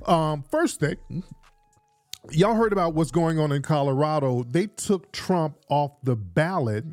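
A livestream host speaks in a fairly high, animated but unhurried voice with no echo, indoors while it rains outside. He's hyped and repetitive, addressing his audience directly with repeated call-outs and loose, chatty talk.

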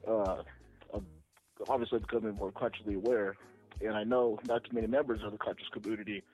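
A man calling in to a radio show, speaking earnestly and in a measured way. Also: on the low side, steady tone, a little mellow, soft background music, rough recording. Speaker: caller. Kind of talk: phone call to a radio show.

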